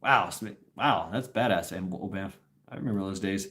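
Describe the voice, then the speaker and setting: A man's voice: sits low, normal speed, a bit bright. A man talking in a casual, rambling livestream chat, restarting sentences often and chuckling as he goes. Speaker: host.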